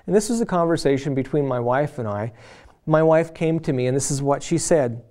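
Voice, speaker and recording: A middle-aged man giving a relaxed marriage teaching, putting questions to the men listening. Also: fairly high pitch, brisk. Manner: chatty, addresses men directly with questions; acts out quoted voices of wife and friends.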